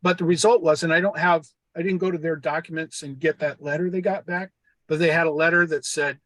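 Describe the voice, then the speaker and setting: Dry-sounding older man, higher pitch. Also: steady tone, fairly quick, fairly bright tone, dry recording. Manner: earnest, reads letters aloud in a formal tone. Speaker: host. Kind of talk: casual discussion, reading a letter aloud.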